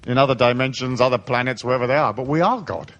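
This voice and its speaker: A man's voice: mid-range voice, fast, fairly bright tone, dull audio. A man giving a live seminar talk to an audience, irreverent and playful, swearing freely as he tells stories. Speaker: seminar speaker.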